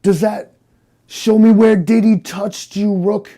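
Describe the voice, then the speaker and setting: A man playing a gruff, cocky, paranoid cyborg detective in an improvised comedy interrogation, drawling and rambling. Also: high-pitched, fairly even intonation, slow, dark tone. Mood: lecturing. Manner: repeats the listener's name, drawling and rambling.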